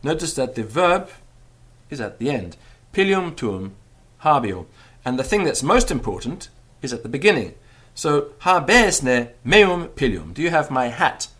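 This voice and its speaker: A male teacher talks through a grammar lesson at an unhurried, deliberate pace. His voice rises and falls a lot, and he repeats each phrase slowly so it sinks in. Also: breathy edge. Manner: slow, patient drilling with repeated example phrases; lively rising and falling pitch. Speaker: Latin teacher. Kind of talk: spoken language lesson.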